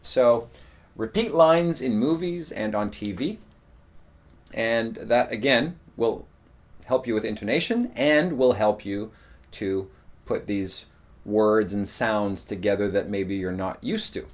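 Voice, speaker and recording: A man teaching in a relaxed spoken lesson, explaining tips at an easy pace with frequent ums and uhs. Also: fairly low pitch, slow pace. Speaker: English teacher.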